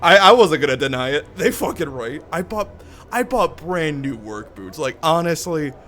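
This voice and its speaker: A man's voice: a little high, sing-song, normal speed, fairly bright tone, soft background music. Laughing, profane young male streamer. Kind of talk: casual gameplay commentary.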